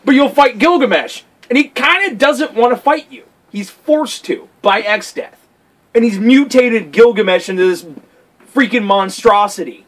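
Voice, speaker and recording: A young man with a high voice co-hosts a relaxed talk about an old game. He is excitable and swears freely, and he often slips into mock voices to act out scenes. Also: normal speed, low-quality recording. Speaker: podcast co-host. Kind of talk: casual chat.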